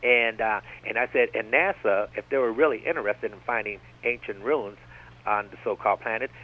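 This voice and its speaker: Heard over a tinny phone-line radio broadcast, an American man speaks as a radio guest. His lowish voice moves briskly as he rambles and digresses, often circling back with "like I said."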